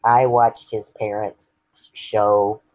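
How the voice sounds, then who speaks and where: A man's voice: lowish voice, flat delivery, very slow, no room sound, rough recording. A man, earnestly sharing his personal story as an interview guest. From Texas. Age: 50s. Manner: earnest, candid and reflective.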